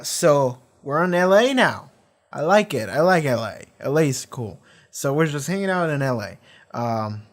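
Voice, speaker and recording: A man hosting a TV reaction video, chatting casually and profanely, often acting out scenes in goofy voices. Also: mid-range voice.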